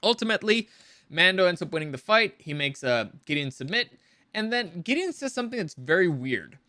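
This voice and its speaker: A man's voice: high-pitched, a little fast, no room sound, clean studio sound. A man giving a casual, rambling, profane review of a show. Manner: rambling, profane, animated with frequent restarts. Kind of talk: casual commentary.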